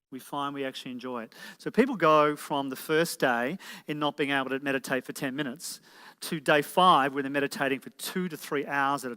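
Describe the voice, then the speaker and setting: A man's voice: mid-range voice, pushed and bright, clear, resonant tone. A man giving a live motivational presentation, peppering the audience with rhetorical questions. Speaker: motivational speaker. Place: event hall with an audience. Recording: reverberant hall.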